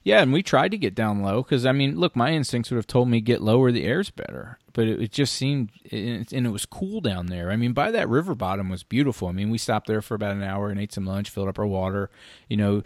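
A man's voice: lowish voice, lively intonation, fast, no room sound. A man hosting a casual talk show, talking animatedly and frankly and swearing freely. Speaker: podcast host. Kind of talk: casual hunting gear chat.

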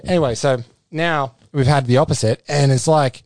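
A man's voice: mid-range voice, normal speed, hardly any pauses, a little mellow, dry recording. An Australian man co-hosting a podcast in a rambling, casual chat full of restarts and swearing. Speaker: podcast co-host.

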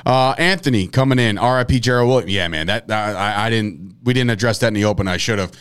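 A man's voice: on the low side, quick pace, fairly bright tone, clean tone. Joking, rambling sports show host man. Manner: joking, rambling, laughs often. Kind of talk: casual sports chat.

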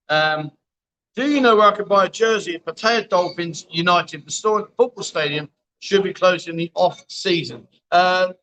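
A chatty man hosts a casual livestream from inside a bar, reading viewer comments aloud and calling everyone mate. His voice is bright and forward, pitched a little above the usual for a man. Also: poor audio. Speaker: livestream host. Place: bar, indoors.

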